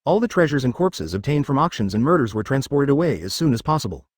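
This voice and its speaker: A man's voice: medium pitch, big pitch swings, quick pace, no room sound. A smug, cornered crime boss read by a man in a plain, level tone. The delivery still rises and falls a lot from line to line. The sound is close and dry.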